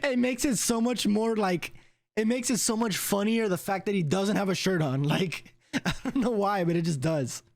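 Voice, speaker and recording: A man's voice: high voice, normal speed. A man giving amused, laughing asides while reacting to a comedy clip. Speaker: reaction video host. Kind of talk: casual reaction commentary.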